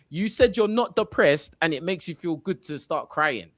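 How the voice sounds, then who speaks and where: A man's voice: fairly high pitch, expressive, a little slow. A man on a podcast panel who argues bluntly and keeps repeating his point. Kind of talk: casual panel debate.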